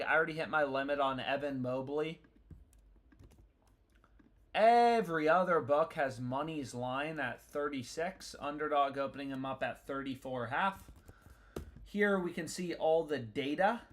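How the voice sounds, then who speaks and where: A young man hosts a casual betting live stream, talking in loose slang and swearing freely. His voice sits a little higher than most men's. He rambles and jumps between thoughts as he works through his picks. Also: fairly bright tone. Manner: slangy, profane, rambling and restless. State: annoyed.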